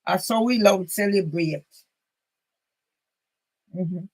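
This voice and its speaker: A woman's voice: lowish voice, takes it slowly, a little mellow, poor audio. A woman from Jamaica with a Jamaican accent, talking in a rambling, emphatic personal monologue that drifts into patois. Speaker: channel host.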